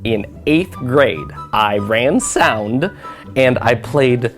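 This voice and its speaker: Young adult home vlogger, chatty and rambling, lively swooping delivery, faint music under it. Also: mid-range voice, extremely slow. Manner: rambling, animated, chatty asides. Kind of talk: casual chat. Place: home, beside a bookcase.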